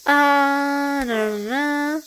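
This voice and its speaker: A woman streaming a story game, reading it aloud and reacting excitedly, often gasping and laughing at what she sees. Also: sits high, extremely slow, faint music behind, rough recording.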